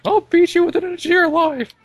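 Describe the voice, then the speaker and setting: Cartoon mouse, furious and shrill, yelling at a dog, put on by a man mid-conversation. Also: fast talker. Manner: shrill, high-pitched shouting.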